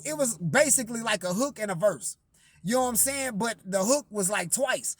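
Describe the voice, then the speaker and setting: A man's voice: high voice, lively intonation, moderate pace, fairly bright tone, no room sound. A man telling a story in a casual monologue, profane and rambling with lots of fillers and repeated words.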